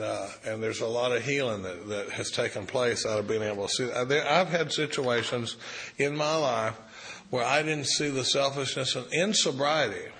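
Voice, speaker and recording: A man's voice: medium pitch, fairly bright tone. A middle-aged man telling candid, self-deprecating stories to a recovery group, speaking as a sponsor. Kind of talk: storytelling talk to a recovery group.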